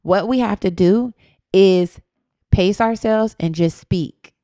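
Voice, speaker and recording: A woman's voice: medium pitch, slow pace, dark tone, dry recording, clean studio sound. A woman co-hosting a podcast in casual chat, candid and reflective, swearing freely and often quoting her own thoughts aloud. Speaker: podcast co-host.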